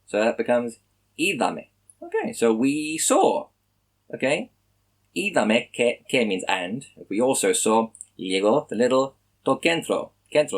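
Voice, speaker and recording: A young man talking casually to camera, musing aloud with many pauses and questions as he works through a language lesson. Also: medium pitch, rough recording. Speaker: language learning vlogger. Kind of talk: casual explanatory monologue.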